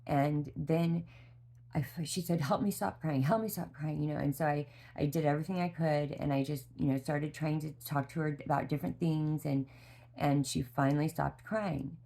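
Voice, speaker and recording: A tired mother speaks in a low voice with a gravelly, creaky edge, telling her story candidly in a vlog. Her talk rambles with heartfelt restarts. The fatigue is audible. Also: fairly even intonation, normal speed, dark tone. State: exhausted. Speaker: mother sharing a parenting story.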